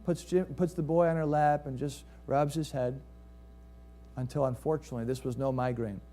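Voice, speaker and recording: A man preaching a sermon as pastor, telling a story with rhetorical questions to the congregation and swinging between lively rises and quiet, hushed drops. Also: mid-range voice, moderate pace.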